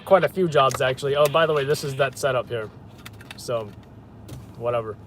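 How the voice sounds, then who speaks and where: A man's voice: medium pitch, normal speed, a bit bright, a little hiss or hum. A man hosting a live news stream, chatting casually in a rambling, hesitant way with lots of fillers.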